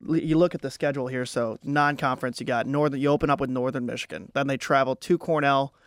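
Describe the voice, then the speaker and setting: A man's voice: mid-range voice, steady tone, fast talker, clear, resonant tone, dry recording, studio quality. A young man hosting a casual sports podcast, chatting with a co-host and thinking aloud through fillers and restarts. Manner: conversational, with frequent fillers and restarts.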